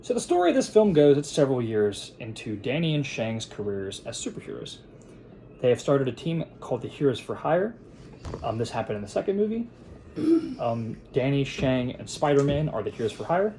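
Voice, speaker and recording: Young guy recapping a movie at his desk, rambly, lots of ums, mellow kinda dark voice, bit of hiss. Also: medium pitch, big pitch swings, normal speed. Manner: rambling, with frequent fillers and restarts into quoted voices. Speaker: film reviewer. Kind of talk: casual plot recap and review. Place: at his editing table.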